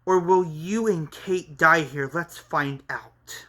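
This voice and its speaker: A man's voice: a little high, takes it slowly, sharp tone. A man voicing a cruel male spirit villain in a manga read-along, taunting and menacing.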